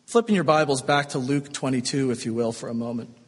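A man preaching a sermon, swinging between strong emphasis and hushed, slow, tender passages. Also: mid-range voice, breathy edge, in a large hall. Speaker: pastor.

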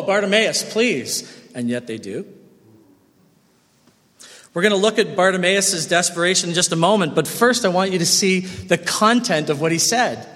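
Male pastor, high voice, expressive sermon, echoing sanctuary. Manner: expressive preaching with wide swings in loudness. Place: church sanctuary. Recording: long church reverb.

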